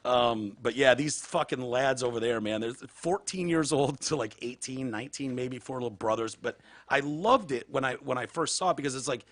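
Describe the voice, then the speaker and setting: A man's voice: medium pitch, normal speed, fairly bright tone, dry recording. A man co-hosting a podcast in casual, profane, rambling chat. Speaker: podcast co-host.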